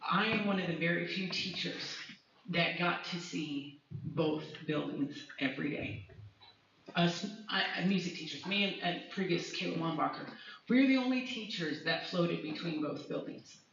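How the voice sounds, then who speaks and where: Heard from a distance in a dull, echoey hall with slight background noise, a music teacher speaks with feeling to a school community meeting. Her voice is on the low side and a bit bright, with vocal fry, at normal speed, and her talk is personal, rambling, and full of restarts.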